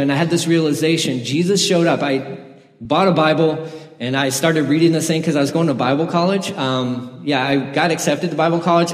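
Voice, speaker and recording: A man preaching a sermon, telling his own conversion story in an earnest, personal way with the odd laugh. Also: fairly high pitch. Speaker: pastor. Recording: echoey hall.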